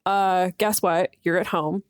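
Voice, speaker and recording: A woman's voice: lowish voice, steady tone, unhurried, clean tone, dry recording. A woman co-hosting a podcast in casual chat, playful as she sets up scenes. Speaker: podcast co-host.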